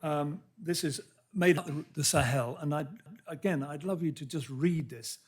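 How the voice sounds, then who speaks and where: A man giving a public science lecture in a hall, earnest and halting, often restarting his words and reading out quotes. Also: fairly high pitch, slightly rough. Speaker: lecture speaker.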